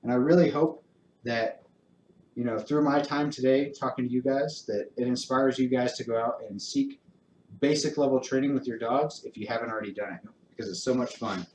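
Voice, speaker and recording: A man working as a dog trainer, calmly explaining training steps in a clear, encouraging way during a live demonstration. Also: medium pitch, fairly quick, recorded from a distance, a little hiss or hum. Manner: calm, encouraging, explains step by step. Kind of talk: instructional talk with live demonstration. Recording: roomy echo.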